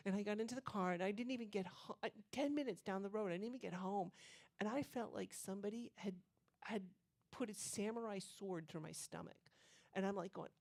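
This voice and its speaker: A woman's voice: mid-range voice, fast talker, darkish tone. A woman leading a cooking demonstration as a nutrition educator, telling stories in a chatty way and checking in with "okay?". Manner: chatty storyteller, keeps asking "okay?". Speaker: plant-based nutrition educator.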